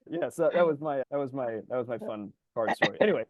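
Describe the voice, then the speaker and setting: A man co-hosts a podcast, talking fast in a loose, rambling way packed with fillers. His pitch sits mid-range, but it leaps up when he gets excited. The sound is close and dry, with no room around it. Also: dry recording. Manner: rambling, animated storyteller full of fillers; voice jumps high when excited. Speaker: podcast co-host. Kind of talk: casual podcast chat.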